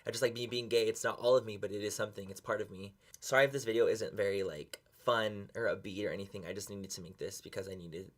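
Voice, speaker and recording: A man's voice: fairly low pitch, fairly even intonation, quick pace, hardly any pauses, fairly bright tone. A young man talking earnestly and emotionally to camera in a confessional vlog, close to tears and swearing casually. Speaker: beauty vlogger.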